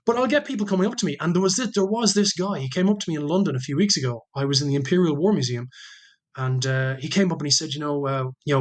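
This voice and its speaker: A man's voice: fairly high pitch, animated, very fast, fairly bright tone. An Irish man from Ireland, a guest historian telling chatty stories in a casual podcast conversation with self-deprecating jokes.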